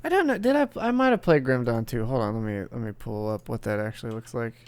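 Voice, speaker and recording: A man's voice: mid-range voice, expressive, quick pace, smooth, no room sound. A young man hosting a casual gaming podcast, rambling, swearing and laughing as he talks. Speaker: podcast host.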